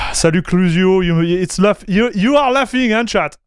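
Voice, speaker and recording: A man, livestreaming and reacting to a video in excitable, slangy chat. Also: sits high, unhurried, clean tone, no echo. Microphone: streaming desk mic.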